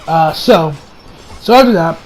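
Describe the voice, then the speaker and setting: A young man with a notably high voice talks through an anime episode in a loose, excitable way. He swears freely and stumbles over fillers and restarts. A faint hiss of noise sits under his voice. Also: unhurried. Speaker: anime reviewer. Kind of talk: casual episode review.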